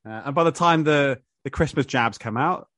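A man's voice: fairly high pitch, moderate pace, a bit bright, dry recording, studio quality. Laid-back New Zealand man hosting. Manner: laid-back, matey banter, laughs often. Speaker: podcast host. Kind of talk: casual podcast chat. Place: motel room on a video call.

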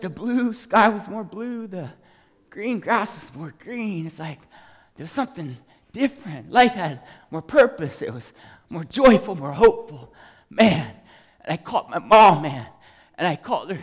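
A man preaching a testimony with passion, swinging between yelling and soft, tearful speech. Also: sits high, lively intonation, moderate pace, in a large hall. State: crying. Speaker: guest preacher. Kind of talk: sermon testimony.

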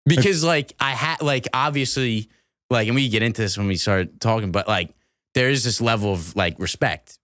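A man's voice: medium pitch, moderate pace, a bit bright, no echo, clean studio sound. A man who is a podcast guest in casual chat, laid-back and rambling with plenty of filler words.

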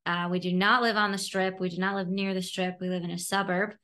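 A woman in her thirties from Brooklyn, a podcast guest telling lively stories and putting on voices. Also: on the low side, brisk. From Brooklyn, New York. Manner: lively storyteller, does voices and laughs. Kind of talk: casual interview chat.

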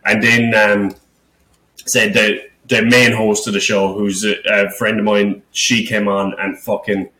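A man's voice: fairly low pitch, flat delivery, a little slow, bright, forceful tone. A man who hosts a podcast and does stand-up comedy, telling a story in a worked-up, rambling way and swearing a lot. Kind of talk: casual podcast chat. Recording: roomy echo.

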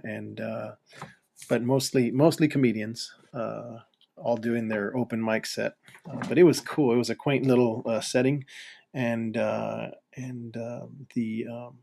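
Gravelly low-voiced man hosting a podcast. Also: darkish tone. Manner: halting, many fillers and restarts. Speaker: podcast host. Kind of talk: casual solo podcast talk.

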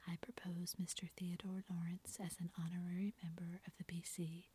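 A woman whispering an eager girl who plays a gentleman at a club meeting, as whispered role-play. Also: fairly low pitch, little pitch movement, moderate pace. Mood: earnest. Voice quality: breathy whisper.

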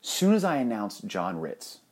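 A young man telling a funny personal anecdote in an animated, profane, self-mocking way. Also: fairly low pitch, unhurried, husky. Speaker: storyteller.

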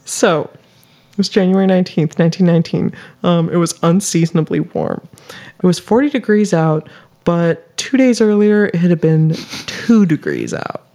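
A woman with a mellow, warm voice tells a story in a loose, chatty way. She giggles often and fills her talk with "like" and "um.". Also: on the low side, normal speed. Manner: chatty, giggly, full of fillers. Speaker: podcast co-host. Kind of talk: casual storytelling chat.

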